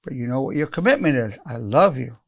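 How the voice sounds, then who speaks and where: A man's voice: medium pitch, lively intonation, a little fast, dull audio. A man in his eighties, a psychologist giving an earnest spoken self-help lesson, repeating lines for emphasis and acting out quoted phrases. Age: 80s.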